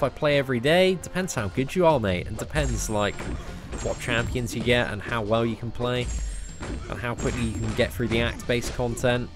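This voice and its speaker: A young English man chatting casually on a game live stream, answering viewers, self-mocking and full of "like" and "mate". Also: mid-range voice. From England. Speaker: gaming streamer. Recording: faint music behind.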